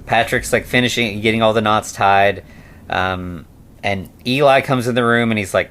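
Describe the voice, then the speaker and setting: A man's voice: on the low side, normal speed, a bit bright. A man co-hosting a podcast, casually retelling a film's plot in a rambling way full of "um" and "like". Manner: rambling retelling with many ums and likes. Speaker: podcast co-host. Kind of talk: casual film-review chat.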